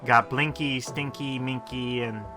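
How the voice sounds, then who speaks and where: Speaking over loud music, a male gaming video host keeps a steady, unhurried tone at medium pitch. He comments casually on his gameplay, drifting from topic to topic, laughing at himself, and using many fillers.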